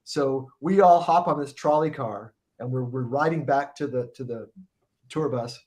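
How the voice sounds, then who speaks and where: A man's voice: mid-range voice, moderate pace, darkish tone. A middle-aged man telling a long, profane story in a casual podcast chat, rambling and restarting his sentences often. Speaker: guest musician telling a tour story.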